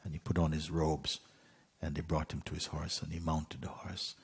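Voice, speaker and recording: A man, a spiritual teacher, telling a story in an unhurried way with soft asides and light laughs. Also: rumbling low, level tone, breathy edge, long reverb tail. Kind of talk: storytelling talk.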